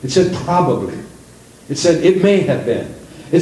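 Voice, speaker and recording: Animated preacher in an echoey church. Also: male voice, fairly high pitch, moderate pace, distant mic, a little hiss or hum. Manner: animated preaching, acting out quoted voices, rising emphasis. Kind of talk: sermon. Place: church sanctuary.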